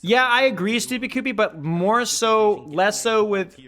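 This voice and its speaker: Bright-voiced young man bantering with chat. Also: high voice, measured pace. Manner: animated, joking, talks straight to chat. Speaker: streamer co-streaming an esports match. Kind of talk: casual live-stream commentary and chat banter.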